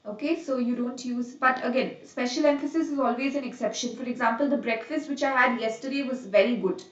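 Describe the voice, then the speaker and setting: Lady teaching grammar online, kinda high voice, sounds far off in an echoey room. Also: fairly even intonation, highs cut off. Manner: explains slowly, repeats rules, checks on students by name. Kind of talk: live online lesson.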